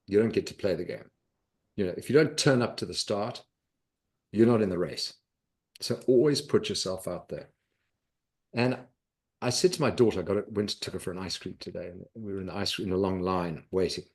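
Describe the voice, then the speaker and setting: Brief: middle-aged man, low voice, animated storyteller on a podcast. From South Africa. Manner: lively anecdotal storyteller, acts out quoted voices. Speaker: podcast guest, investor.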